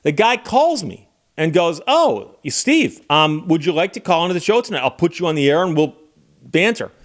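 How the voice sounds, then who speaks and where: Animated storytelling man, slightly high voice. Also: brisk. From Michigan, USA. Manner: animated anecdote-telling, acting out quoted dialogue. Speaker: channel host, attorney. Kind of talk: casual storytelling monologue.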